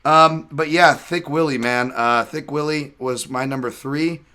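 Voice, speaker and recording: A man's voice: a little high, a little slow, pushed and bright, smooth. A man hosting a casual podcast, telling stories in a rambling way with frequent laughs. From Chinese heritage. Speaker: podcast host.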